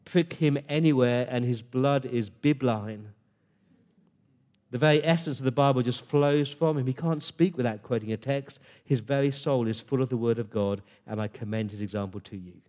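A preacher delivers a sermon in a medium-pitched voice with a mellow, darker tone. He speaks earnestly and conversationally to his congregation, with pauses and restarts.

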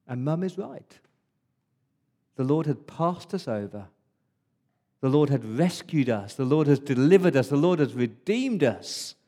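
A man preaching as an Israelite firstborn boy, telling the Passover night story in the first person, hushed in its dark moments. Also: mid-range voice, lively intonation, measured pace, pauses often. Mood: exultant. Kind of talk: first-person dramatic monologue in a sermon.

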